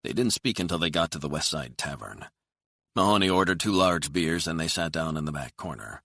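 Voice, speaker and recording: A man narrating a thriller audiobook in steady, even storytelling. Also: very deep voice, a little fast, dry recording, studio quality.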